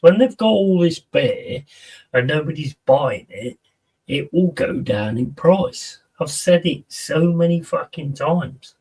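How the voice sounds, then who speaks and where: A man's voice: fairly high pitch, a little mellow, slightly rough, distant mic. Chatty, sweary man streaming. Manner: swears a lot, chatty, reacts to viewers' messages. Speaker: streamer reading chat. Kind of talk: casual live-stream chat.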